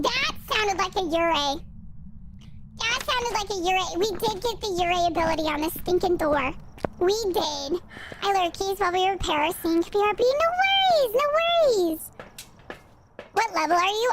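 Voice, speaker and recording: A woman's voice: very high voice, noisy background, voice pushed up. A woman streamer talking through a chipmunk voice changer, chatty and playful.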